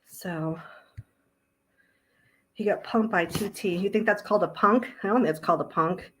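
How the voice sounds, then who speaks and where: A woman's voice: medium pitch, normal speed, fairly bright tone, slight background noise, rough recording. A woman on a casual live stream at home, blunt and sweary, chatting with her viewers and her dogs, a little out of breath. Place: home, indoors.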